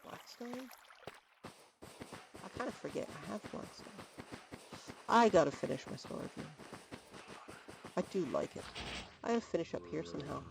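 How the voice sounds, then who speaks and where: A woman streamer talks through her game in a gravelly voice that swings up and down. She chats on casually and thinks aloud as she sorts her items. A loud background noise runs under the desk microphone. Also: lowish voice, animated, normal speed, pauses often. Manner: chatty, thinking aloud while sorting items. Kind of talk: casual gameplay commentary.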